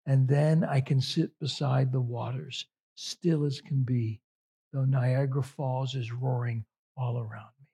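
A middle-aged man preaching a sermon, slow and reflective with long pauses. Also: mid-range voice, steady tone, warm tone, slightly rough. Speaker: pastor.

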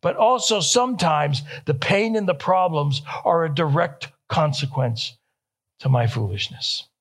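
A man's voice: fairly high pitch, animated, unhurried. A young man preaching a sermon, stressing key phrases and repeating them, rising with feeling on quoted questions. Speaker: pastor.

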